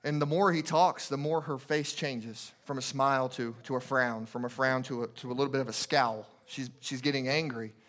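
A man's voice: medium pitch, fairly even intonation, normal speed, hardly any pauses, a bit bright. A man preaching a sermon, telling a story with emphatic, repetitive urgency.

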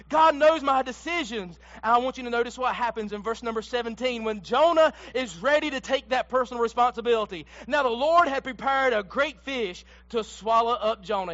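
A man preaching an impassioned sermon, swinging from loud cries to hushed asides. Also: extremely high pitch, no echo, muffled recording.

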